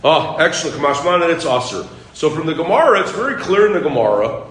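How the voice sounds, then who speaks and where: A man teaching a Talmud class, quizzing his students with quick questions and pushing them to read on. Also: fairly high pitch, sing-song, fairly bright tone, roomy sound, rough recording.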